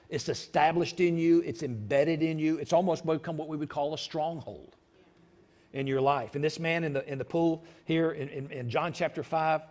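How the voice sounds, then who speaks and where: Male pastor, fairly high voice, preaches in repeats and sudden shouts. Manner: repetitive, emphatic delivery. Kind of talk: sermon. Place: church sanctuary.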